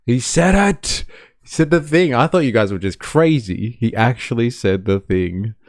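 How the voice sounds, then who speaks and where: A man's voice: mid-range voice, moderate pace, darkish tone, no room sound, clean studio sound. A man hosting a live stream and reacting to clips, sarcastic and laughing as he talks to his chat. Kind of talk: casual reaction commentary.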